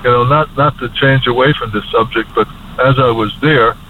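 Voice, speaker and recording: A man's voice: medium pitch, fairly even intonation, a little hiss or hum. Choked-up man calling in on a tinny phone line. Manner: choked up, halting and repetitive. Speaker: caller to a radio show. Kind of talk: emotional call-in talk.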